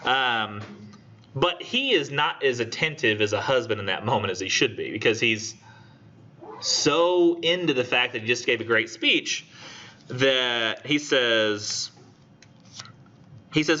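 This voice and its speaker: A man teaching a college literature class in a casual, animated way, acting out quoted lines. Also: mid-range voice, unhurried, long pauses, slight background noise. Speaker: college English instructor. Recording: dull lo-fi classroom recording.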